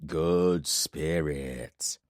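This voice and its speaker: A man voicing a hulking giant warlord, calm and menacing, in an audiobook, speaking slowly and deliberately. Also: no room sound, studio quality, heavily acted. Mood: measured menace. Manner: slow, deliberate, rumbling.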